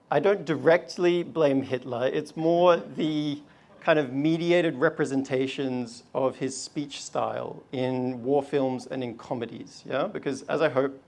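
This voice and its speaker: A man giving an energetic live research talk at a university event, leading the audience in call and response with casual fillers. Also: mid-range voice, gravelly. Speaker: research slam presenter.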